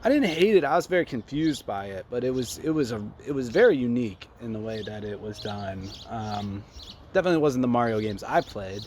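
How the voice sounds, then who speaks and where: A man's voice: mid-range voice, animated, brisk, darkish tone, a little hiss or hum. A young man co-hosting a podcast, chatting casually and retelling stories with lots of fillers. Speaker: podcast co-host. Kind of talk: casual chat.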